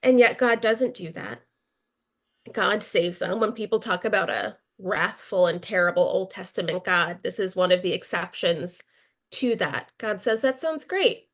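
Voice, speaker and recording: A woman preaching a sermon in a relaxed, conversational way, with asides and fillers. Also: lowish voice, normal speed.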